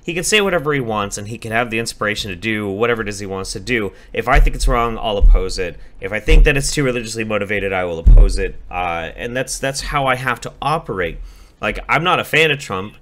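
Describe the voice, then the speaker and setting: Bright-voiced blunt profane man. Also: mid-range voice, fast talker, a little hiss or hum. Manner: blunt, profane, animated storytelling. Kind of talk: casual debate chat.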